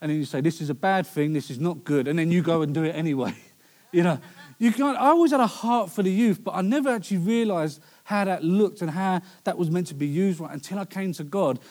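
A man's voice: high-pitched, animated, fast talker, darkish tone. A young man preaching a sermon in a conversational way, with storytelling asides.

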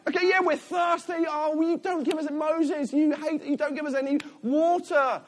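A man voicing a crowd of complaining ancient Israelites, loud, whiny and exasperated. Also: very high voice, steady tone, moderate pace, voice pushed up. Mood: whining.

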